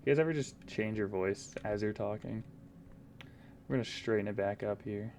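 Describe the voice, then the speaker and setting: A man rambling through solo gameplay commentary, goofy and self-mocking, now and then slipping into silly high voices. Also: normal speed, darkish tone, slight background noise. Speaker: gaming YouTuber.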